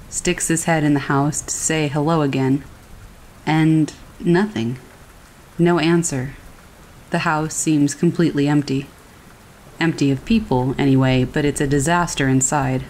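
A woman with a low voice narrates a scary story in a calm, steady manner. Soft rain falls faintly behind her throughout the reading. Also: moderate pace, a little hiss or hum, rough recording. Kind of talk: scripted narration of reader stories. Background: rain falling.

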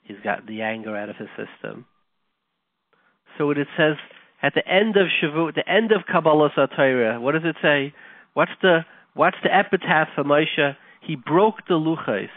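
A man hosting a Torah talk show, teaching with animated delivery and frequent Hebrew and Yiddish terms. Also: fairly high pitch, a little slow, dry recording. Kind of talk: Torah lecture with storytelling. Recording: tinny phone-like line, dry.

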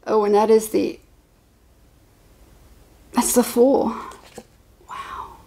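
A woman doing a casual tarot reading to camera. She is chatty and excitable and rambles with restarts. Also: on the high side, very slow, vocal fry, poor audio. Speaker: tarot reader.

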